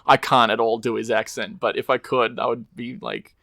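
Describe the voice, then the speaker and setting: A man's voice: mid-range voice, level tone, normal speed, gravelly, sharp tone, no echo, clean studio sound. A young man co-hosting a casual podcast chat, rambling with lots of ums and quoted movie lines. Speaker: podcast co-host.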